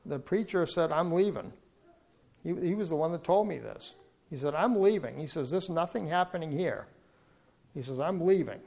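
A male preacher with a notably high voice delivers a sermon. He tells his story earnestly and builds to fervent, emphatic appeals. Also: animated, moderate pace, gravelly, a little mellow.

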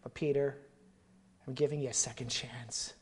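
A grave, gentle divine voice, put on by a preacher, speaking low and softly. The pitch drops well below the speaker's usual talk, and the earnest words come out quiet and measured. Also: little pitch movement, lightly acted. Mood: tender. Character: the Lord, calm grave warning voice. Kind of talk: dramatized sermon retelling.

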